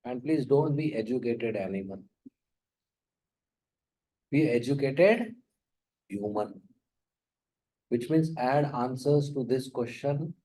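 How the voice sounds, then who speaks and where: A man giving a spiritual talk, slow and emphatic, often questioning his audience. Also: medium pitch, mellow, low-quality recording. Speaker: spiritual lecturer. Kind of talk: sermon.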